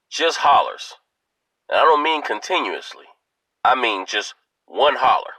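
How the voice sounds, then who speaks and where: Guy telling funny stories to his viewers, pitch all over the place, dry close mic. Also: dry recording, rough recording. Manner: animated, playful, addresses viewers directly. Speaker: video host. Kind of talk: comic storytelling vlog.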